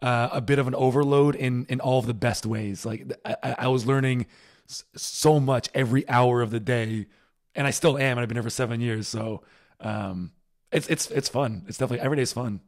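A man from Rhode Island talks as a guest in a relaxed conversation. His voice is mid-pitched, and he speaks quickly and agreeably, filling pauses with um and you know. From Rhode Island, United States. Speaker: podcast guest. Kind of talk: casual chat.

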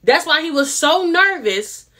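A woman's voice: high-pitched, lively intonation, measured pace, fairly bright tone. A woman, giving casual, sassy commentary on a reality TV episode and repeating herself for emphasis. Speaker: reality TV reviewer.

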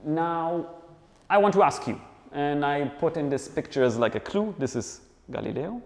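A man's voice: fairly high pitch, lively intonation, moderate pace, darkish tone. Playful male lecturer in a reverberant hall. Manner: playful, chatty, checks in with the audience. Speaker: philosophy lecturer. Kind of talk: casual lecture to a live audience.

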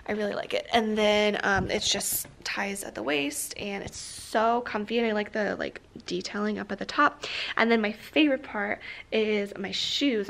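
A young woman in her twenties, a teacher, vlogs from her school classroom in a mid-range voice with vocal fry, over a slight hiss or hum. She's chatty and upbeat with lots of fillers, and her nose is stuffed up from allergies.

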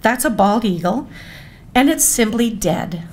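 A woman, around her forties, giving a storytelling speech at a gala, animated and self-mocking, turning often to the audience with asides. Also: fairly high pitch, a little slow. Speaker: speaker at a gala. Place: event hall.

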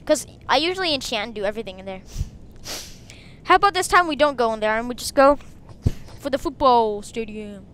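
A woman hosting a game video, chatting casually and breaking into excited shrieks. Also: on the high side, fast talker, clear, resonant tone. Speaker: gaming video host. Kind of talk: casual gameplay commentary.

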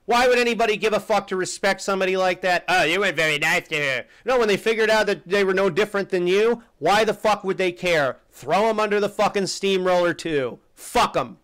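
Brief: high-pitched male streamer, angry, foul-mouthed tirade. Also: a little fast, few pauses. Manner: profane, shouting rant. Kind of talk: angry live-stream commentary.

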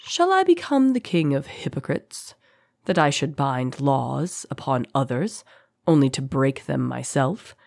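A woman puts on a deep-voiced male rebel leader for a fantasy audiobook. He speaks low, quiet and slow, smooth and courtly with a cold threat. The recording is dry and close. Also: sing-song, dry recording, full character voice. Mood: eerily calm. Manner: smooth, courteous, soft-spoken.

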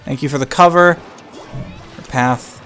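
A young man giving live gameplay commentary, excitable and swinging between hype and frustrated ranting. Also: mid-range voice, a little slow, soft background music. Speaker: gaming channel host.

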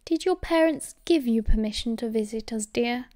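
A woman with a British accent voicing a gentle, motherly older woman in an audiobook, soft and coaxing. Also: fairly high pitch, moderate pace, close to an everyday voice.

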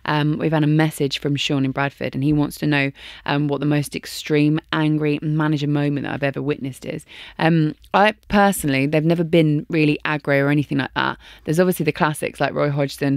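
A woman, co-hosting a podcast in casual chat, upbeat and quick to laugh. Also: low-pitched, fairly even intonation, gravelly, dry recording, clean studio sound. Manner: upbeat, laughs easily, reads out listener questions. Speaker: podcast co-host, sports presenter.

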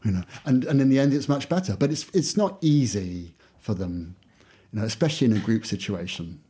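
A male English teacher chatting in an interview with a low, mellow voice. He tells his stories with animated acted-out exchanges, and a slight husk runs through his speech. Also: brisk, slightly rough. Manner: animated storytelling, acting out classroom exchanges, many "you know" fillers. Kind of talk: casual interview conversation.

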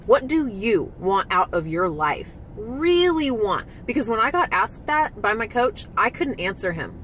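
A woman talks straight to her camera in a candid personal vlog, her slightly high voice swinging up and down with feeling. She is frank and emotional, swears freely and fills her sentences with "like." A faint low rumble sits behind her. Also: sing-song, measured pace, a bit bright, poor audio. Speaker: vlogger and former physique competitor.

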